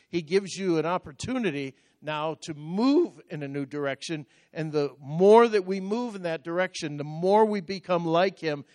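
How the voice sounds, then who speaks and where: An older man preaching a sermon, telling personal stories with sudden loud bursts. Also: on the high side, no room sound, studio quality. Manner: storytelling with sudden loud outbursts. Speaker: pastor.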